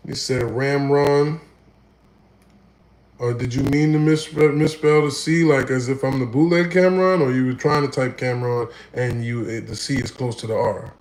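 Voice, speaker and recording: Laughing livestream host reading chat. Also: male voice, on the high side, roomy sound. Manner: animated, laughing, playful banter. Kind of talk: casual live chat reading viewer comments.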